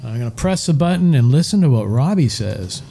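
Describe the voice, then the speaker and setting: A man's voice: mid-range voice, lively intonation, fairly quick, warm tone, husky. A man co-hosting a casual chat show, rambling and enthusiastic as he talks. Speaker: co-host, show's chief engineer.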